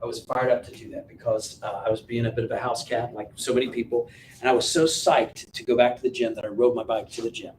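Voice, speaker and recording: A man coaching an audience through a joking, self-mocking personal story, told with lively energy. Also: fast talker. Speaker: business coach and speaker. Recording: roomy and distant with faint rumble.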